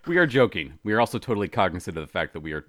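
A man in his thirties in casual podcast chat, animated and self-mocking, breaking into bits of mock outrage. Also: deep voice, very fast, dry recording, clean studio sound.

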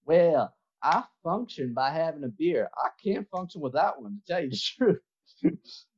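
A man's voice: fairly high pitch, animated, a little slow, a little mellow, muffled recording, slight background noise. A man playing a brash, beer-loving Southern man with a put-on Southern drawl, chuckling and boastful. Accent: put-on American Southern.

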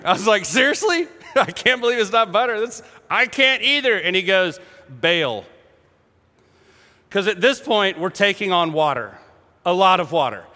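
Animated high-voiced male preacher in a hall. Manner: animated storytelling, acting out voices, laughing. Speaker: pastor. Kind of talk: sermon.

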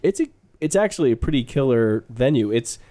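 A man's voice: medium pitch, animated, a little fast, mellow. A man co-hosting a podcast, chatting casually and explaining things with wry asides. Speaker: managing editor, podcast co-host.

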